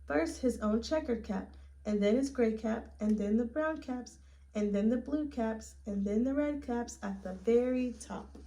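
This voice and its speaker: A woman reading a picture book aloud to children at story time, gently asking them questions along the way. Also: on the high side, a little slow, rough recording. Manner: gentle, asks listeners questions.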